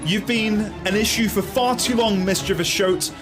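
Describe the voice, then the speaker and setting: At normal speed and medium pitch, a streamer chats casually with viewers while playing a story game live over game music, breaking out in laughs and wails.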